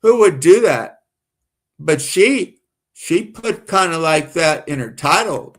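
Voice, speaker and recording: Speaking in live-stream commentary, a Southern American man rambles, repeats himself, and gets worked up and indignant. His voice is animated, a little high for a man, and drawn out at an unhurried pace.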